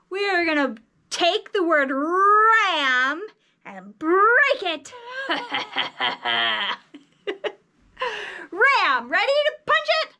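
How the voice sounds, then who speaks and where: A woman's voice: very high-pitched, bright, forceful tone. A woman teaching children a phonics lesson in an exaggerated, sing-song teacher voice. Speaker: early reading teacher.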